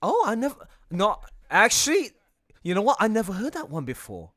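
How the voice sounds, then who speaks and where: Excitable male streamer, bright tense voice, laughs a lot, breaks off mid-thought. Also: high-pitched, normal speed. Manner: excitable, laughs often, trails off mid-sentence. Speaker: streamer and artist. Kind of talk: casual livestream chat.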